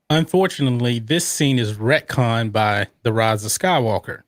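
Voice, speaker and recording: A man's voice: mid-range voice, measured pace, dry recording, studio quality. A man hosting a podcast, chatting casually through a movie watch-along and reading out viewer comments. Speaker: podcast host.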